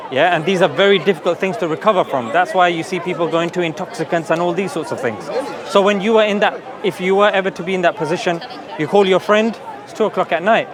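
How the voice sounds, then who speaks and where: A man's voice: high-pitched, quick pace. A man making an earnest, persuasive case in an open-air religious debate, checking in with his listener through tag questions. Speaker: street preacher. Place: outdoor public park. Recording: outdoor crowd chatter.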